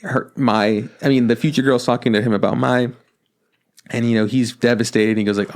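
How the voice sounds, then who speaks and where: A man co-hosting a podcast, retelling a film's plot in a loose, animated, profanity-laced way and acting out the characters' lines. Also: medium pitch, fairly quick. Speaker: podcast co-host. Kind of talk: casual podcast chat recapping a film.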